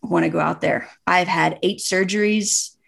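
A woman's voice: lowish voice, fairly even intonation, moderate pace, vocal fry, fairly bright tone. A woman in her thirties, a guest, earnestly telling a personal story in casual conversation and acting out remembered dialogue.

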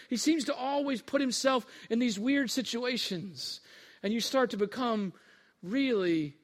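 A male pastor preaching in a casual, storytelling way, drawing the listeners straight into the story. His voice sits high for a man. A long reverb trails each phrase, like a big hall. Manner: conversational storytelling, speaks to listeners as "you". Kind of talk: sermon.

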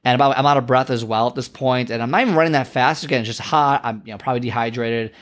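Male podcast host, casual monologue, filler-heavy and rambling, self-deprecating, mid-pitched. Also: very fast. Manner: rambling and chatty, heavy with "like" and "you know".

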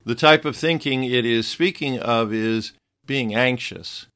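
A man giving a scripted devotional Bible teaching in a measured, earnest voice, reading scripture passages aloud. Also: mid-range voice, a bit bright.

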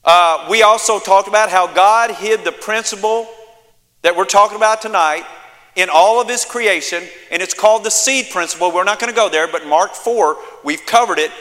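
A man's voice: sits high, normal speed, sharp tone, big-room sound. A man preaching a sermon as pastor, emphatic, with repeated phrases and calls for an amen from the congregation. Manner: emphatic preaching with repetition and call-and-response.

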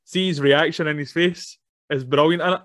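A man's voice: on the high side, steady tone, normal speed, a bit bright, dry recording, clean studio sound. A man, chatting casually about a film, laughing often as he recaps scenes. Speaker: podcast co-host.

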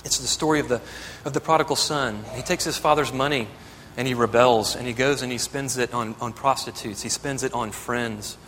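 A man's voice: mid-range voice, steady tone, fairly quick, hardly any pauses, fairly bright tone, in a large hall. A man preaching a sermon as pastor, earnest and building to emphatic exhortation.

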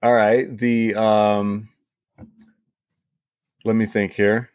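A man's voice: on the low side, flat delivery, drawn-out words, a little mellow, clean tone, dry recording. A man hosting a sports podcast, chatting casually and thinking aloud with hesitation. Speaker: podcast host.

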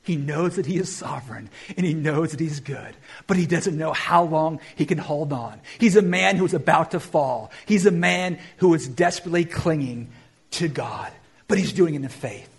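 A male pastor delivers a sermon in a high, husky voice. He swings between loud emphatic peaks and hushed, slowed phrases. His pitch moves widely as he preaches. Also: expressive.

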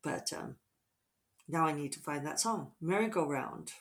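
A middle-aged woman author talking casually over morning coffee, reflective and rambling with soft fillers. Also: low-pitched, unhurried.

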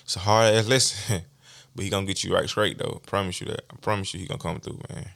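A man's voice: deep voice, steady tone, fast talker, creaky, a bit bright, no echo, studio quality. A young man, giving a casual motivational monologue as a podcast host, full of slang and repeated "you feel me".

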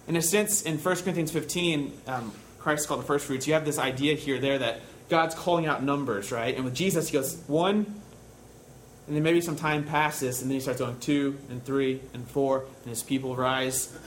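A younger man preaching a sermon in a relaxed, conversational way, often dropping to a soft, hushed voice when he quotes comforting words. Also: mid-range voice, a little hiss or hum, rough recording. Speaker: pastor.

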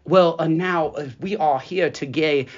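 A man imitating a Southern-accented male teacher giving a slow, halting speech full of uhs, on a dull lo-fi recording. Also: on the high side. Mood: formal. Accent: American Southern.

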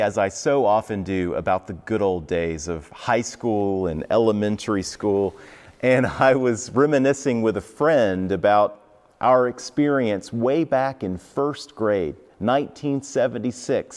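A man in his fifties, a pastor giving an online devotional sermon in a church sanctuary, telling stories in an animated way. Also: on the low side. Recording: reverberant sanctuary.

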